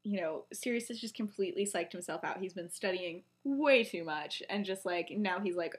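A woman's voice: mid-range voice, animated, normal speed. A young woman co-hosting a podcast, casually retelling a story with lots of fillers and acted-out quotes. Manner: chatty, many fillers, acts out quotes. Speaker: podcast co-host.

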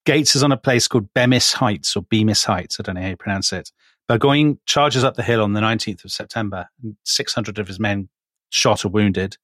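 A man's voice: lowish voice, a little fast, fairly bright tone, no echo. A man co-hosting a podcast, telling history in a chatty, teasing way. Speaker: podcast co-host. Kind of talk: casual history chat.

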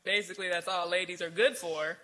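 A woman co-hosting a podcast, making wry deadpan asides and laughing easily. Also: on the low side, fairly quick. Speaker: podcast co-host. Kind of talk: casual comedic book discussion.

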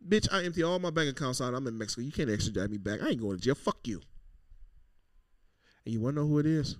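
A man co-hosting a podcast, telling stories loudly and profanely and acting out quotes in casual banter. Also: mid-range voice, expressive, quick pace, dry recording. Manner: loud, profane, storytelling with acted-out quotes. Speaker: podcast co-host.

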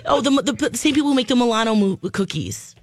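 High-voiced hoarse lady co-host, giggly, voice jumps all over. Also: sing-song, fast. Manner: giggly, playful. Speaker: radio co-host. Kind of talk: casual radio banter. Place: radio studio.

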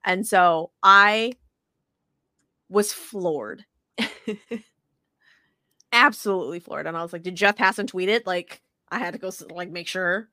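A lower-voiced woman co-hosting a sports podcast, talking in a lively, swearing, self-interrupting way. The sound is dry and close, with no room around her voice. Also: no echo. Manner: animated, profane storytelling with fast restarts. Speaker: podcast co-host. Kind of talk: casual sports chat.

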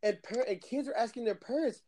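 A man's voice: very high-pitched, fairly quick. A man in a casual movie chat, telling stories animatedly and acting out what others said. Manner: animated storyteller, acts out quotes.

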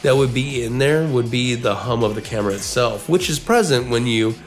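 A man's voice: mid-range voice, normal speed, over loud music. A man co-hosting a casual podcast, telling a long story and often repeating words as he goes. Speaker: podcast co-host.

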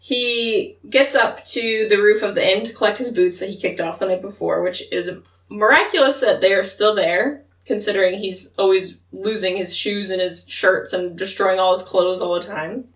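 A woman's voice: medium pitch, moderate pace, distant mic. Chatty woman recapping a book, roomy sound. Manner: chatty recapping, acts out characters' lines with laughter. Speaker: podcast co-host. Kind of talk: casual book discussion. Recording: roomy echo, voice set back from mic.

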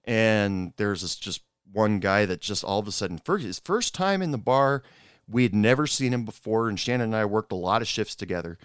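A middle-aged man, a former bartender, telling stories from his bar days in a rambling, halting way with frequent asides. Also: lowish voice, lively intonation, smooth, no echo, clean studio sound. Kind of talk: casual personal storytelling.

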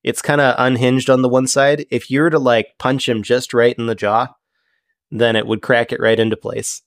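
A man's voice: mid-range voice, little pitch movement, normal speed, no echo, clean studio sound. A man narrating as game master in a loose, chatty way. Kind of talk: casual tabletop game narration.

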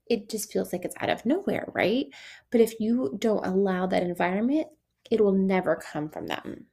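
Chatty woman podcaster with gravelly fry. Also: medium pitch. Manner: chatty and animated, many "like"s, laughs often, acts out quoted dialogue. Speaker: podcast host, esthetician coach. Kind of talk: casual solo podcast talk.

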